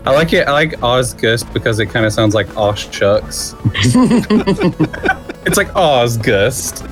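Man, co-host, lively swooping pitch, jokey and quick, faint music behind. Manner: quick, joking, self-deprecating. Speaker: podcast co-host. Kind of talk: casual chat.

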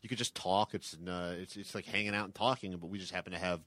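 A man's voice: sits low, steady tone, fast talker, fairly bright tone, no echo. A man chatting as a guest radio host in a casual podcast, loose and rambling with crude humor.

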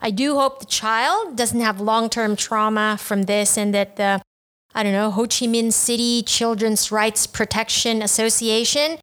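Woman, podcast co-host, lively reactions, punning jokes, fairly high voice. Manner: animated, quick reactions and puns. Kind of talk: casual news chat.

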